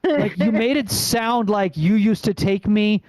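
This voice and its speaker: Halting, filler-heavy male comic, dry sound. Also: high voice, darkish tone, dry recording, low-quality recording. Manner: rambling, halting delivery with many fillers. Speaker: stand-up comedian. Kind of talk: stand-up set on a video call. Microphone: video call.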